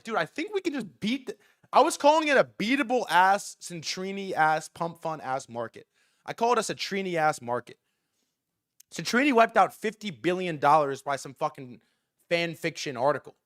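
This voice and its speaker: A young man hosting a livestream, ranting excitedly and profanely, jumping from loud bursts to quieter mumbled asides. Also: high voice, moderate pace. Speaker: livestream host. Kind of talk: hyped livestream market rant.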